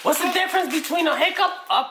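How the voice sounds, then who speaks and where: A woman voicing a cheeky, teasing pig puppet in a kids' puppet show, joking slowly. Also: very high voice. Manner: teasing, jokey, slow drawl. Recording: echoey room with loud noise.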